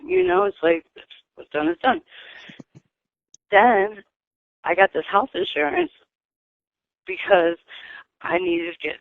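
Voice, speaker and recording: A woman's voice: fairly low pitch, gravelly, dry recording. A woman calling in by phone, venting in an angry, profane rush. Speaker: caller. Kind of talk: venting phone call to a radio show. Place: residential treatment facility. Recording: tinny phone line.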